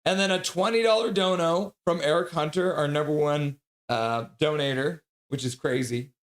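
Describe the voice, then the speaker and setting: Man, stream host, fairly high voice, chatty, reads out chat and donations. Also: normal speed. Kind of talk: casual stream sign-off, reading chat.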